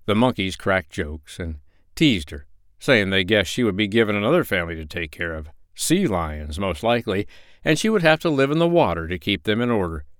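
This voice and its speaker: A man reading a children's animal story aloud in a lively, expressive way. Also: lowish voice, brisk, no room sound, clean studio sound. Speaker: narrator.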